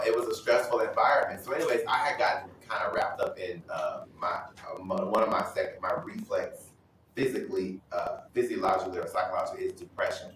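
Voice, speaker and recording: Man, low voice, animated testimony, acts out voices, echoey church hall, mic far off. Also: a little hiss or hum. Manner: animated storytelling, acting out voices. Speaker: Bible study speaker. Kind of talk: personal testimony.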